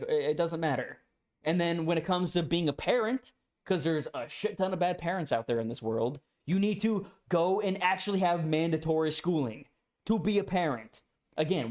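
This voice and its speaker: A man's voice: on the high side, a little mellow. A young man in a heated, profane casual rant as a streamer. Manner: profane, ranting, emphatic.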